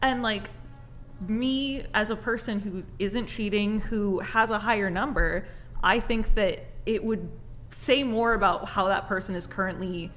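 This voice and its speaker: A woman's voice: medium pitch, a little slow, a bit bright, soft background music. A woman on a dating talk panel, speaking earnestly and filling her sentences with "like". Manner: frequent "like" fillers, earnest. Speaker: panel guest. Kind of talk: casual discussion.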